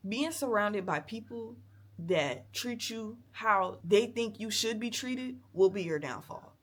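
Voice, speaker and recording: A woman's voice: mid-range voice, expressive, slow, a bit bright. Young woman vlogger, candid emotional rant, cusses freely. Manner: blunt, profane, emotional venting.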